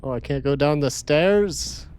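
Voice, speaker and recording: A man's voice: fairly high pitch, unhurried, darkish tone, a little hiss or hum. A man giving casual, playful commentary as he plays a horror game, joking and talking to himself. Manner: playful, jokey, talks to himself. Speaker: let's play host.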